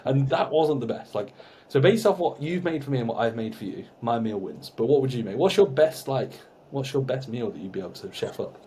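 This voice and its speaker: A young man, co-hosting a podcast in casual, animated chat with some swearing. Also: medium pitch, fairly quick, a little hiss or hum. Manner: chatty, swearing, animated storytelling. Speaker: podcast co-host.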